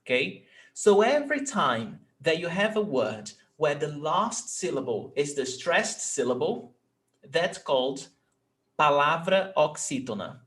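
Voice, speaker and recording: Slow, patient teacher, man. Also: on the high side, very animated, a bit bright. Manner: slow, repeats each example word, checks in with "okay?". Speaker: language teacher. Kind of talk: recorded language lesson.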